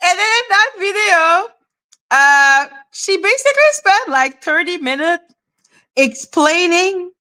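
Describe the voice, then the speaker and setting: A woman hosting a casual live stream, animated and laughing, greeting viewers by name and swearing freely. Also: very high voice, slow.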